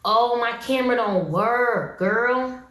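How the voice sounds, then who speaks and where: A woman's voice: fairly high pitch, takes it slowly, a bit bright. A woman voicing an evasive man running an online romance scam, talking slick and dismissive. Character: smooth-talking evasive male online scammer. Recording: roomy echo.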